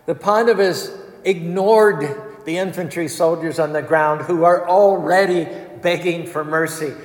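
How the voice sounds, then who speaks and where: A man giving an emphatic storytelling sermon with dramatic retelling. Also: a little high. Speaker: spiritual speaker. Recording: echoey hall with long reverb.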